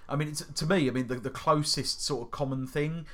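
A man from Britain co-hosting a casual chat about video games, excitable, laughing often and swearing freely. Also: on the high side, a little fast. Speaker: podcast co-host.

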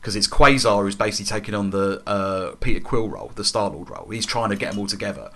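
A man's voice: on the low side, quick pace, fairly bright tone. A young man chatting enthusiastically about comics, rambling with lots of fillers and restarts. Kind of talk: casual chat about comics.

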